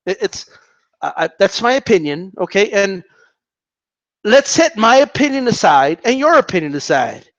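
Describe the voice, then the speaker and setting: A man's voice: moderate pace, gravelly, dry recording, muffled recording. A man ranting about boxing in casual commentary, argumentative and mocking, often repeating himself. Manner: animated, argumentative, mocks opponents in high voices.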